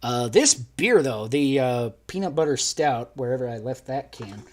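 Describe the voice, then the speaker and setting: Medium-pitched and lively in intonation, a young man speaks at normal speed while co-hosting a casual podcast live stream. He rambles, laughs, and keeps interrupting himself with restarts.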